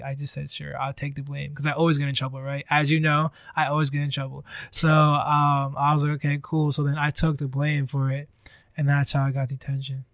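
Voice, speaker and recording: A man's voice: a little high, fairly bright tone, dry recording, studio quality. A young man in casual chat, telling a story with plenty of swearing and laughter.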